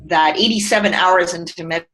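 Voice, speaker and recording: This middle-aged woman talks fast in a lowish voice, and the recording is low quality. As a company founder being interviewed conversationally, she tells her stories earnestly and expressively, at times tearing up.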